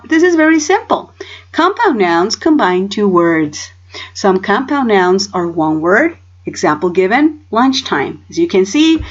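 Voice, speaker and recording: A woman's voice: mid-range voice, highs cut off. A woman teaching English in a recorded home lesson. She explains step by step and often checks in with "okay?".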